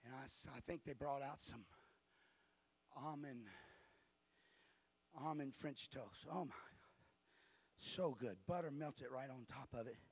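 A man pastor preaching a sermon to his congregation in a church, shouting at the peaks and dropping to a quiet, conversational storytelling voice in between. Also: mid-range voice, slow, pauses often, husky.

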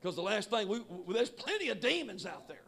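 A man preaching a sermon with emphatic shouting that drops to quiet asides. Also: sits high, sing-song, fairly quick, creaky. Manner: shouting, emphatic, swinging between loud and quiet. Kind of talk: Pentecostal sermon.

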